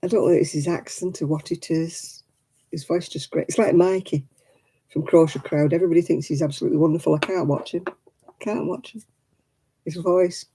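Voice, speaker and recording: Husky, dark-voiced woman. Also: deep voice, fairly even intonation, a little fast. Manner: chatty, rambling, laughs often. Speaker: craft live-stream host. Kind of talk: casual live-stream chat.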